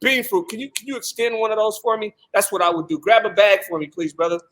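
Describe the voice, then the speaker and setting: A man hosting a casual live stream, talking high and hyped. He jokes around and pushes the deal like a salesman. His banter stays playful all the way through. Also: quick pace, fairly bright tone, a little hiss or hum. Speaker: show host. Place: Seattle.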